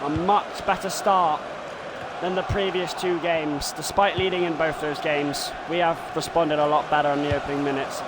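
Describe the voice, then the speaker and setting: A man with a high voice narrates his football video game in the manner of a TV commentator, breaking into shouts when goals go in. His stream carries a steady hiss of background noise. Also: normal speed, a loud crowd. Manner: bursts into shouted excitement at goals. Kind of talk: live gameplay commentary in broadcaster style.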